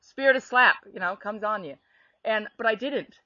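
A woman telling a personal faith story in animated, conversational storytelling, laughing now and then. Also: medium pitch, normal speed, no echo, highs cut off. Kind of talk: faith testimony chat.

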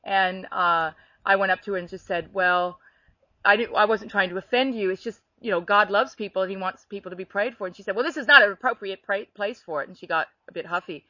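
A woman telling a personal faith story in animated, conversational storytelling, laughing now and then. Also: medium pitch, fairly quick, dry recording, dull audio. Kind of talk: faith testimony chat.

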